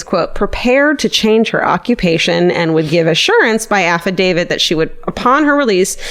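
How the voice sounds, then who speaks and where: A woman podcast co-host casually retelling a true crime story, swearing freely and acting out quoted lines. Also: mid-range voice. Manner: profane, breezy retelling with voiced asides.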